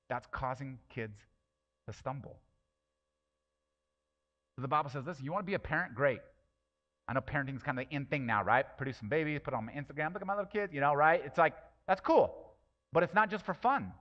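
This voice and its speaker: A male pastor preaching a sermon in an impassioned way, dropping low and quiet, then rising to near shouts. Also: lo-fi sound.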